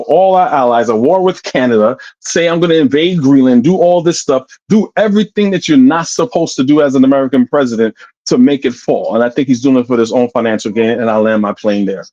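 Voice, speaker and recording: A man's voice: on the high side, a little mellow. Blunt ranting man on a muffled call. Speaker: panelist. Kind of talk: heated livestream panel talk.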